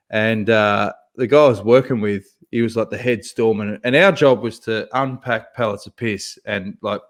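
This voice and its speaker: A man co-hosting a podcast, telling a long story in a lively, profane way and laughing as he goes. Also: mid-range voice. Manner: animated, swears freely, laughs through his own story. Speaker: podcast co-host. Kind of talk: casual storytelling chat.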